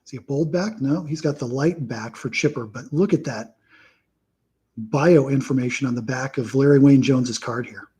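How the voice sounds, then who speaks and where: A man with a very husky, breathy voice at an everyday middle pitch hosts a casual live stream. He reads through a long run of names at an even clip and adds dry little quips between them. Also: normal speed, rough recording. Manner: reels off names in a steady list with dry, wry asides. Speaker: host.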